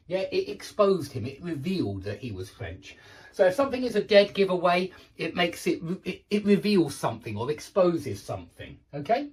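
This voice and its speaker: A man giving an online English vocabulary lesson, his pitch rising and falling in a lively way. He explains each phrase patiently, stumbling and restarting often. He checks in with the listener with "yeah" and "okay?". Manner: explains slowly with many restarts and "um"s. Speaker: English teacher.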